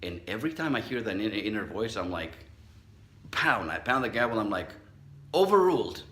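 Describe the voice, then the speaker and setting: A man's voice: fairly low pitch, fast, fairly bright tone. Man, middle-aged, psychologist, motivational talk, acts out the voices he quotes, echoey room. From Southern California. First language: not English. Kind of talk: motivational talk with personal story.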